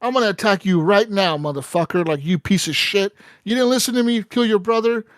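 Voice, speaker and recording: A man putting on a scheming bishop who spits profane threats at a king. The voice sits a little high and the sound is dry and close. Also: brisk, no room sound, natural voice. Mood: furious. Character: furious scheming male bishop, threatening rebellion.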